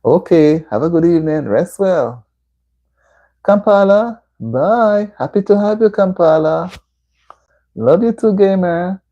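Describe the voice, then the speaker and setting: A Jamaican woman with a fairly low, lively voice hosts a casual livestream from a room at home, speaking a little slowly in a mellow tone. She chats with viewers and answers their comments with motherly advice. The audio sounds dull.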